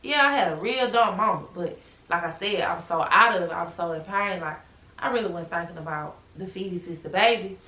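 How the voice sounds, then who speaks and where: A young woman vlogging, retelling a personal story with animated emotion. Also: fairly low pitch, a little fast, echoey room, low-quality recording.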